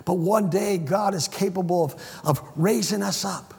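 Male preacher, husky, high voice, emphatic sermon delivery in a hall with long echo. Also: moderate pace. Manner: emphatic, swings between hushed and shouted; repeats phrases for stress. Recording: echoey hall with long reverb.

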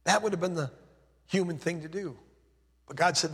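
A man preaching a sermon with impassioned delivery, his voice dropping low and soft on key phrases. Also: moderate pace, slightly rough, long reverb tail.

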